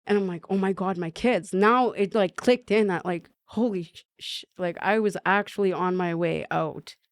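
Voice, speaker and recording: A woman's voice: on the low side, normal speed, clean tone, no echo. A woman from Canada telling her recovery story as a podcast guest, earnest, with many "like" fillers and acted-out dialogue.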